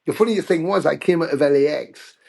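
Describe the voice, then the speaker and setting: A middle-aged British man telling anecdotes in a casual interview, animated when he quotes others. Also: a little high, brisk, creaky. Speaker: guest musician.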